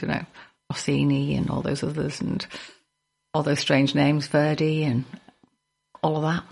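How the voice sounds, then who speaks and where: Gravelly, husky Scouse radio host. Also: male voice, fairly high pitch, moderate pace, long pauses. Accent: Liverpool (Scouse). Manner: jokey and chatty, stumbles over names. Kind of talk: casual radio music presenting.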